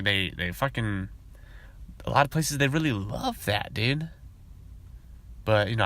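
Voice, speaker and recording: A man hosting a podcast, talking in a casual, rambling monologue full of profanity, and sometimes mimicking coworkers in high voices. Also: sharp tone, dry recording. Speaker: podcast host.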